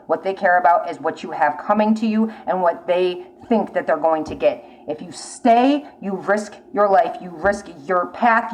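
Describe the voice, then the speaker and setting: In a casual spoken tarot reading, a woman addresses a viewer bluntly and urgently, cursing frequently and repeating her warnings. Her voice is fairly low and a little mellow, and the audio is poor.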